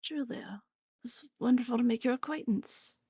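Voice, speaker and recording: A woman player voicing an earnest mentor character, speaking slowly and half whispering. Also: a little high, breathy edge, no room sound, studio quality. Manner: slow, hushed, partly whispered.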